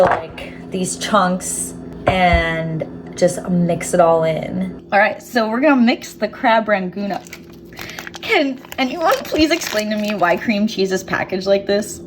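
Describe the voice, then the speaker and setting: A woman's voice: mid-range voice, background noise. A woman cooking in her home kitchen and chatting casually to viewers, giggly and swearing offhandedly. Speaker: cooking vlogger.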